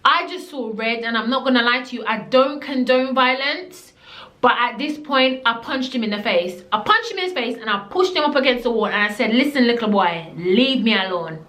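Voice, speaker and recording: A woman with a Jamaican accent tells a casual storytime with animated energy, slipping into patois as she goes. Her voice sits on the higher side. The room around her adds a noticeable echo. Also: a little fast. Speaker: vlogger. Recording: echoey room.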